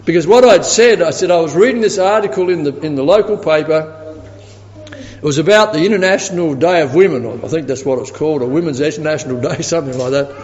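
A man with a slightly high voice preaches in a hall where the sound rings with long reverb. The audio is dull and muffled. He tells his story in a lively way and grows animated when he quotes other people. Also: fast. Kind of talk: sermon with anecdote.

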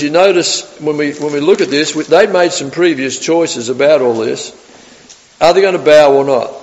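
Aussie bloke preaching, bit high voice, lively, big hall echo. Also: male voice, lo-fi sound. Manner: animated, acts out the story in character voices. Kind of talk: sermon. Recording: long reverb of a hall.

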